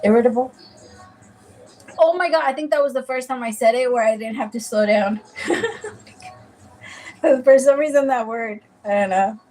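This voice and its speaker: A woman with a fairly high voice gives a loose, conversational tarot reading, drifting off into side stories. She swears freely and keeps calling the viewer "my love". A faint hum sits under her voice. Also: moderate pace, long pauses, a little mellow, low-quality recording. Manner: chatty and rambling, swears freely; addresses the listener as "my love". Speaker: tarot reader.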